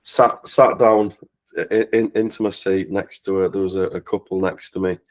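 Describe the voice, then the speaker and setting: A man's voice: low-pitched, fairly even intonation, moderate pace, poor audio. A man telling a personal story on a charity livestream, laughing often and restarting his sentences. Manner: laughs through the story, with frequent restarts and stumbles. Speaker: guest speaker on a charity talkathon livestream. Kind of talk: casual anecdote storytelling.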